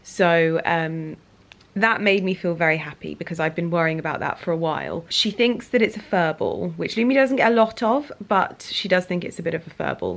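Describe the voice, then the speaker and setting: A woman's voice: fairly low pitch, expressive, moderate pace, vocal fry. A woman chatting casually to camera as a vlogger, talking in an emotional way with plenty of fillers and restarts. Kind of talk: casual vlog chat to camera.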